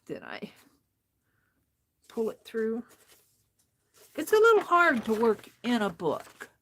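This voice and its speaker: A woman's voice: a little high, wildly swooping pitch, slow pace, a bit bright, a little hiss or hum. A woman hosting an art journaling demonstration, talking to herself as she stitches in a book and getting mildly frustrated. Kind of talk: casual crafting demonstration.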